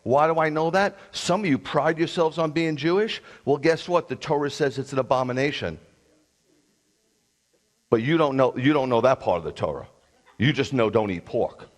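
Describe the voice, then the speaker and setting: A man delivers a sermon in a blunt, confrontational voice, his pitch sitting in an ordinary middle range. He throws in sarcastic asides and challenges the listeners directly. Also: moderate pace. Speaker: rabbi.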